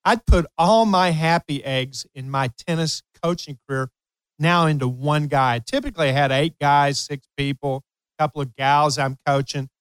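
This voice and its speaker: A man spins a long story in casual chat, animated and laughing often. His voice is smooth and resonant, recorded dry and close in a studio. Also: fairly high pitch, moderate pace, dry recording. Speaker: host, tennis coach.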